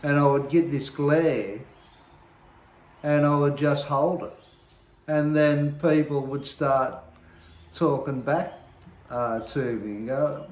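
Slow, earnest man in an echoey room. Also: fairly high pitch, fairly even intonation. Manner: earnest, reflective, searching for words. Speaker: speaker sharing his recovery story. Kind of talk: personal testimony monologue. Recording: roomy echo.

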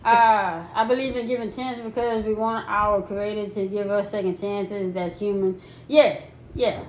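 A woman in a casual chat, talking in halting starts with many fillers. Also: mid-range voice, level tone. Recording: echoey room, faint background noise.

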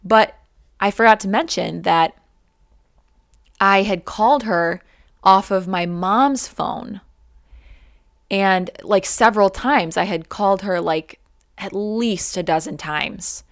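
A woman's voice: medium pitch, a little slow, long pauses, clean tone, no echo, studio quality. Chatty young woman telling a story. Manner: chatty, many "like" fillers, animated retelling. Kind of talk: casual personal storytime.

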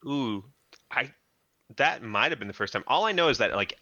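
A man's voice: medium pitch, lively intonation, normal speed, sharp tone, no echo, highs cut off. A man co-hosting a podcast, making dry asides and reading out listings. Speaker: podcast co-host. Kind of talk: casual chat.

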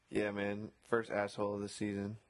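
A man who works as a beach umbrella attendant, casually retelling a run-in with a customer, acting out both sides and swearing often. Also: fairly low pitch. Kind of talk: casual storytelling chat.

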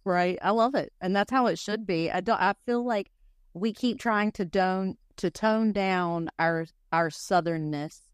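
A woman's voice: medium pitch, unhurried, clear, resonant tone, no room sound, clean studio sound. A woman from North Carolina with a Wilmington accent, hosting a podcast and talking earnestly and emphatically. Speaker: podcast host. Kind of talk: casual conversation.

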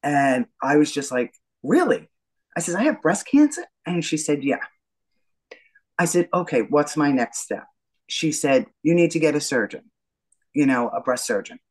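Middle-aged New woman, lively interview guest who acts out every exchange. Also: sits low, moderate pace, low-quality recording. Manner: animated storyteller, acts out the dialogue. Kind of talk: telling her story in an interview.

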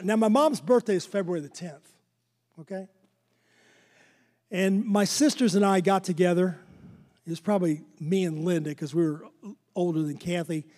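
A man's voice: high-pitched, mellow, long reverb tail. An older man preaching a sermon in a church sanctuary, fervent and repetitive, with chuckles. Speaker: pastor.

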